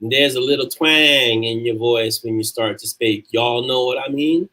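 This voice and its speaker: A man's voice: medium pitch, moderate pace, pushed and bright, poor audio. Chatty New York man hosting a livestream. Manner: chatty, reads viewer comments aloud and answers them. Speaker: livestream host answering chat. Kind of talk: casual livestream chat.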